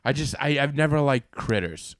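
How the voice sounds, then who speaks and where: A man's voice: mid-range voice, expressive, normal speed, smooth, dry recording, clean studio sound. A man chatting offhand and joking as a podcast co-host. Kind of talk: casual chat.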